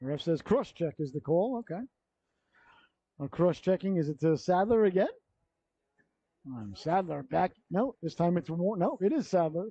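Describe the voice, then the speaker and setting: A man calls a youth hockey game play by play in a somewhat high but mellow, warm voice. He rambles into side stories and corrects himself as he goes. The sound is dry and dull, like lo-fi local broadcast audio. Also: lively intonation, moderate pace, pauses often, husky, no echo. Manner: chatty, rambling asides and self-corrections. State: yawning, running out of breath. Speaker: play-by-play commentator.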